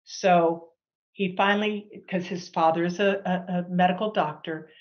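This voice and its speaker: Middle-aged woman, low voice, personal testimony, animated storytelling, slightly muffled lo-fi sound. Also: normal speed. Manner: animated, acts out quoted dialogue. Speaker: guest sharing a healing testimony.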